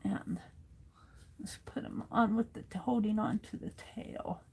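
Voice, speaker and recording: A woman's voice: mid-range voice, fairly even intonation, a little slow, gravelly, a little mellow, slight background noise. A woman hosting a casual crafting livestream, talking herself through each step as she works and reading viewers' comments aloud.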